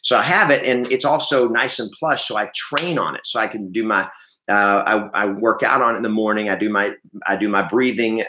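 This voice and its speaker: Guy chatting on a morning live stream, bright voice, rambles a bit, echoey room. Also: fairly low pitch. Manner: rambling, self-correcting, greets viewers by name. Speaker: livestream host and real estate trainer. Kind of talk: casual live stream chat. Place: home training room.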